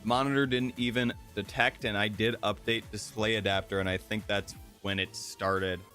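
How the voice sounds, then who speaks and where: A young man with a slight lisp talking casually over his gameplay, rambling with lots of fillers and self-corrections, soft music behind. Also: fairly low pitch, little pitch movement, moderate pace. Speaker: gaming streamer. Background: soft game music.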